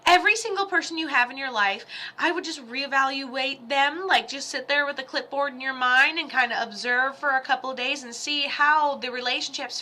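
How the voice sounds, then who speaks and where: Bright kinda high woman doing psychic readings live, chatty and blunt, jokes a lot. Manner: chatty, blunt and joking, with frequent fillers. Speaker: psychic medium. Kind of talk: casual livestream reading.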